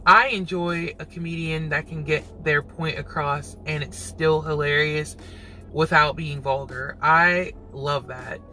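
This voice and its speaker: A man hosting his own reaction channel, musing aloud in casual commentary and quick to laugh. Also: fairly high pitch, steady tone, sharp tone, slight background noise, low-quality recording.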